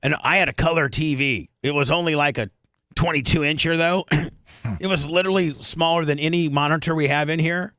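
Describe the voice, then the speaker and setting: A man's voice: a little high, fairly even intonation, brisk, sharp tone, dry recording. Brief: man in his fifties, radio host, rambling storyteller, dry close sound. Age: 50s. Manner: rambling storyteller, frequent restarts and throat-clearing. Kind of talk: casual chat.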